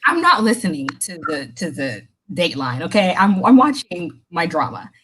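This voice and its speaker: A young woman co-hosting a podcast, telling animated stories in casual chat and laughing often. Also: on the low side, normal speed, breathy edge, low-quality recording. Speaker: podcast co-host.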